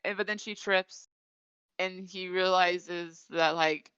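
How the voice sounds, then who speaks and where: Woman host recapping a show, smooth clear voice, dry dull lo-fi sound. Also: on the low side, steady tone, slow pace, fairly bright tone, no room sound. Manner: chatty storytelling with many fillers. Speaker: podcast host. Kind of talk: casual episode recap chat.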